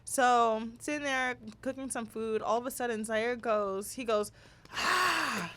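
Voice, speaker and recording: A woman in her thirties, co-hosting a podcast in casual chat, telling family stories in a lively way with animated voices for the people she quotes. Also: on the high side, moderate pace. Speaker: podcast co-host.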